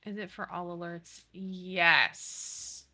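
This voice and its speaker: Bubbly, bright-voiced woman streamer. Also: lowish voice, steady tone, slow pace. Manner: bubbly, swears freely, apologetic while fiddling with settings. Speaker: live streamer. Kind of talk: casual live-stream chat.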